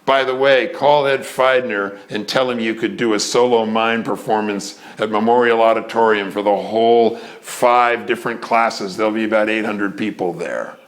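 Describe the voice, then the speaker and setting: An older man in a casual storytelling talk, animated, often acting out the people in his stories. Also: lowish voice, moderate pace, hardly any pauses. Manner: animated, acts out voices in quotes.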